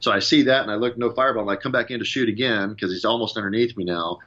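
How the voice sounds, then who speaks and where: A former fighter pilot telling a casual story in an interview, fast and animated, acting out radio calls as he goes. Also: on the low side, lo-fi sound.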